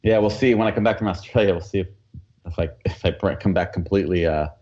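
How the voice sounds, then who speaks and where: A man who works as a coach, chatting as a guest in a relaxed, easygoing way with frequent fillers and laughs. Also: on the low side, quick pace, lo-fi sound. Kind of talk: casual interview chat.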